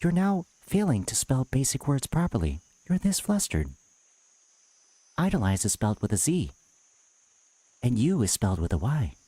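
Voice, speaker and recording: A streamer doing a sarcastic, condescending impression of another creator, taunting a viewer in chat. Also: male voice, medium pitch, wildly swooping pitch, normal speed, pauses often, dark tone, no room sound. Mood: mocking.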